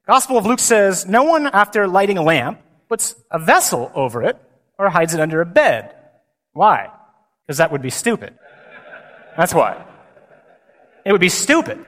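A man, a priest, giving a lively and humorous conference talk with emphatic delivery. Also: high voice, moderate pace, pauses often. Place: large hall. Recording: long hall reverb.

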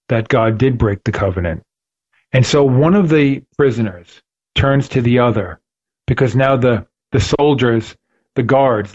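A man's voice: medium pitch, darkish tone. Earnest preacherly man, dull lo-fi sound. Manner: earnest, preacherly emphasis with repetitions. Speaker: podcast host. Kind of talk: faith podcast conversation.

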